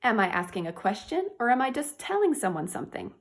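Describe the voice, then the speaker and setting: A woman teaching a reading and punctuation lesson to young children, cheerful and encouraging, slowly sounding out words. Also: fairly high pitch, very animated. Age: adult.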